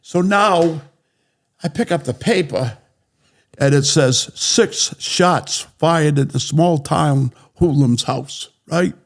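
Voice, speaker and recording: A man telling a story in a blunt, profane, animated way as an interview guest. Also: on the high side, takes it slowly. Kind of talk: casual storytelling.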